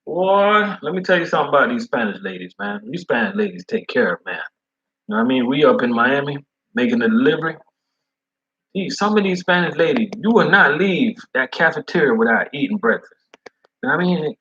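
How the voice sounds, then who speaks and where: A man who is a food service delivery driver, chatting casually in slangy, animated talk. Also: on the high side, fairly quick, dull audio. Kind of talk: casual chat.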